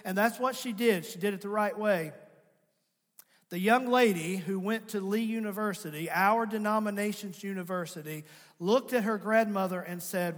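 A man preaches in a high voice, his words carried by a long church-hall reverb. He repeats key lines and pushes them out with emphatic force. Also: normal speed. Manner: preaching with rising, emphatic calls and repeated refrains. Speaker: pastor. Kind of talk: sermon. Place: church sanctuary.

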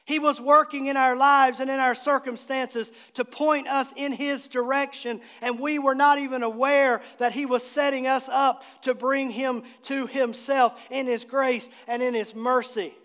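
A male pastor with a very high voice preaches a sermon in a church sanctuary. He is earnest and repeats key phrases for emphasis. His voice rings with the long reverb of the church hall. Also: little pitch movement, a little slow, few pauses, fairly bright tone.

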